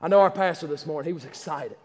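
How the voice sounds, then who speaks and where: A man preaches with fervent, repetitive insistence, often stumbling and restarting his phrases. His voice sits high for a man. It rings with a long reverb from a small church. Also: quick pace, a little mellow. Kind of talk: livestreamed Easter sermon.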